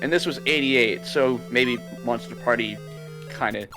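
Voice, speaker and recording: A man's voice: mid-range voice, moderate pace, music in the background. A man co-hosting a game stream, joking boisterously and swearing freely in casual banter.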